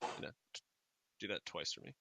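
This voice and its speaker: A man's voice: fairly quick, a little hiss or hum. A man narrating as game master, telling the action vividly with lots of fillers and restarts. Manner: animated, vivid storytelling with many fillers and restarts.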